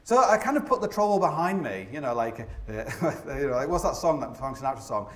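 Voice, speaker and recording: A man's voice: mid-range voice, sing-song, fairly quick, a bit bright. A man in his forties, a mountaineer giving a live storytelling talk on a theatre stage. He rambles and mocks himself, leaning on fillers and restarts. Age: 40s. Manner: rambling, self-deprecating, heavy with fillers. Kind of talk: live comic storytelling to an audience. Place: opera house stage. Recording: echoey theatre.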